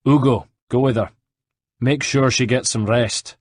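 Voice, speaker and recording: A male narrator voicing a brisk, commanding Venetian healer in his late thirties, with a Venetian Italian accent. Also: mid-range voice, fairly even intonation, no room sound, studio quality, pitched above the performer's own voice, close to an everyday voice.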